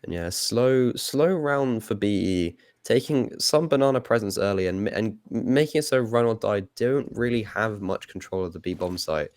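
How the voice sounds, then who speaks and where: A man's voice: lowish voice, animated, moderate pace, few pauses, a little mellow, dry recording, clean studio sound. A young man giving easygoing color commentary on a live esports match, with hesitant restarts and frequent laughs. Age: young adult.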